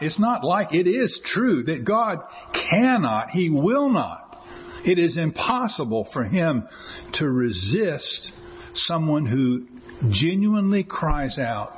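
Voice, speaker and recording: A man preaching a sermon in an earnest way, often repeating words and slowing down to quote scripture. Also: on the high side, slight background noise. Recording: slightly dull lo-fi sound with faint ambience.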